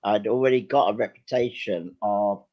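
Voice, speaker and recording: An older man, a guest actor and writer, telling lively, self-deprecating anecdotes with some hesitation in casual chat. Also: fairly low pitch, moderate pace, muffled recording.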